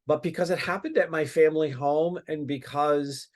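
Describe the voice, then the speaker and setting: A man's voice: a little high, steady tone, normal speed, a little mellow. Podcast guest, man, chatty storyteller, trips over his words. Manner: rambling, many restarts and fillers. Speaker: guest psychic medium. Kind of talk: casual storytelling.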